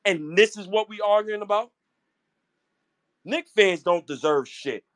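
A man's voice: high-pitched, moderate pace, no echo. A man hosting an online audio space, talking heatedly and profanely in casual chat. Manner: animated, profane, teasing. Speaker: host of a fan audio space.

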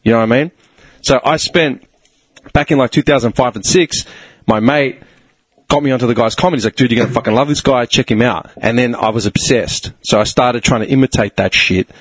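A man in his thirties from Australia, chatting casually on a podcast in a rambling, sweary, animated way. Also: medium pitch, fairly quick, dry recording, rough recording. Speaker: podcast co-host. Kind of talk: casual chat.

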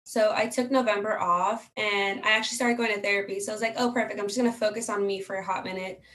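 A woman in her twenties, a guest on a podcast interview, speaking in a quieter, relaxed and measured way. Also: medium pitch. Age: 20s. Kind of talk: casual interview conversation.

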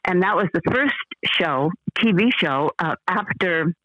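An older actress being interviewed, talking in a rambling, effusive way with lots of fillers and restarts. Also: female voice, lowish voice, animated, unhurried, pushed and bright, dry recording, highs cut off. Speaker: actress guest. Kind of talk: casual interview chat.

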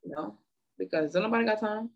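A woman's voice: medium pitch, quick pace, highs cut off. A woman co-hosting a casual chat, earnest and teasing by turns. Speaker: podcast co-host.

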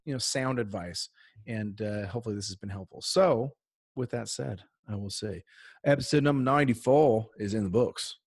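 A man putting on a playful foreign accent with a hushed, low, mumbled delivery as a podcast sign-off. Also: normal speed, creaky, breathy edge, dry recording, studio quality.

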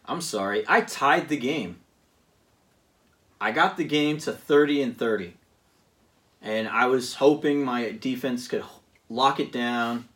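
A man in relaxed conversation with a middle-range voice, rambling along and stopping often for fillers. He sits a little back from the microphone. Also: mid-range voice, far from the mic. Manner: rambling, halting with many fillers. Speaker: podcast guest recounting a video game season. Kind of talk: casual chat.

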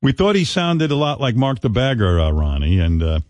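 A man's voice: medium pitch, sing-song, moderate pace, darkish tone, no echo. A man hosting a radio show in casual banter, blunt and teasing, often laughing.

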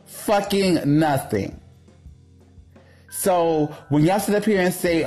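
A man ranting in a gossip commentary vlog, brash and profane, with a sassy, sharp-tongued delivery. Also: a little high, lively intonation, slow, pauses often, faint music behind.

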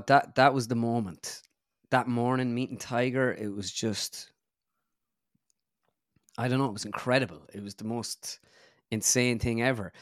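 A man's voice: mid-range voice, no room sound, clean studio sound. A young Irish man, a guest comedian, telling a rambling golf story in casual chat, full of fillers. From Ireland.

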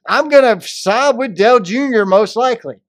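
A high-voiced man trades jokes and folksy slang as a podcast co-host. The sound is close and dry, with no room echo. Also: moderate pace. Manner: joking, folksy Southern slang. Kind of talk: casual chat.

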